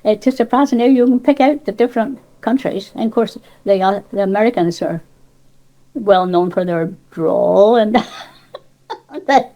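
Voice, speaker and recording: A woman's voice: medium pitch, expressive, a little slow, pauses often, warm tone, dull audio. An older woman from Cornwall with a Cornish accent, chatting in an interview about dialect, rambling with many restarts and asides. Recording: cassette tape.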